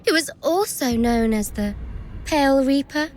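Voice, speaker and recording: High-voiced, unhurried game villainess who taunts her captives with sing-song sarcasm. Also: darkish tone, slight background noise. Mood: taunting. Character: mocking treacherous young woman, gleeful villain. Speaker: game character. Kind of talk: video game voice acting.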